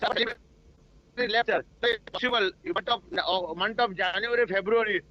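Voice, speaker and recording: A man's voice: sits high, unhurried, sharp tone. A man from India with an Indian English accent, calling in as a shareholder, very deferential and saying "sir" constantly, often switching into Hindi. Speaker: shareholder caller. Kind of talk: call-in question at a meeting. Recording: muffled phone-line audio.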